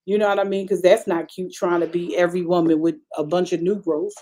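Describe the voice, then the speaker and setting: A middle-aged woman pastor preaching a sermon in a conversational, vernacular style that keeps rising into emphatic, high-pitched bursts. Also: little pitch movement, a little fast, mellow.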